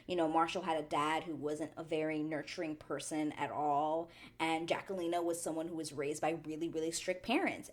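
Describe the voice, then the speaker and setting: A woman hosting a chatty reality show recap, animated and quick to act out the people she talks about. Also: low-pitched. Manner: animated, chatty, drops into quoted voices. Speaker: TV recap vlogger.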